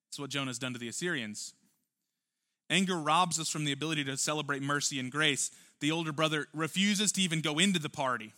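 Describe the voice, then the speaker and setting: A man's voice: fairly high pitch, fast talker, bright, forceful tone. A man preaching a church sermon, earnest and emphatic, full of rhetorical questions. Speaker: pastor.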